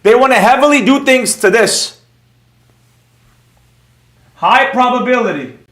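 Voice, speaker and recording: A man livestreaming as a trading educator, ranting sarcastically and repeating himself in a casual, animated way. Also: very high-pitched, unhurried, roomy sound.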